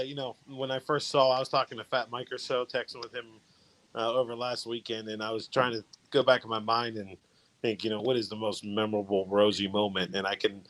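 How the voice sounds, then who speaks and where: A man's voice: on the low side, low-quality recording. A man on a video call telling a long, rambling story from his college years, full of fillers and restarts. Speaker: fraternity brother sharing memories. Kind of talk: casual storytelling.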